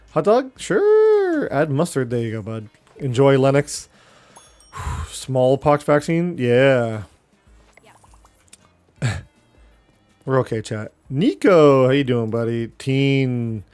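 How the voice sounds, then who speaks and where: A young man, streaming a game live and chatting with his viewers as he plays. He talks at an unhurried pace, and faint game music plays behind him. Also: medium pitch, a little mellow. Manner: chatty, reacting and talking to chat while playing. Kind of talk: casual live game commentary.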